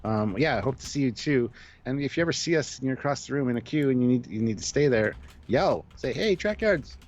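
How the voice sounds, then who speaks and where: A man's voice: medium pitch, fast talker, darkish tone. Lo-fi man reading donations on a stream. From Canada. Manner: reads viewer comments aloud, laughs often. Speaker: co-host of a live stream. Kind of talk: casual live-stream chat reading donations.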